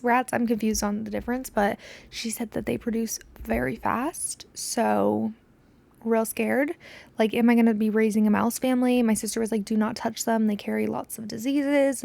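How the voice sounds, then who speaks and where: Chatty young woman with vocal fry. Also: a little high, a little mellow, dry recording. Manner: chatty, swears freely, drops to a whisper when acting out scenes. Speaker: podcast host. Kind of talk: casual storytelling chat.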